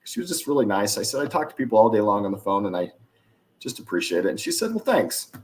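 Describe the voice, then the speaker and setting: A man telling sales stories as a podcast guest, acting out the dialogue with lively shifts in his delivery. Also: fairly low pitch, fast talker. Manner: animated, acts out dialogue in anecdotes. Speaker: podcast guest, influence expert. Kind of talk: casual storytelling interview.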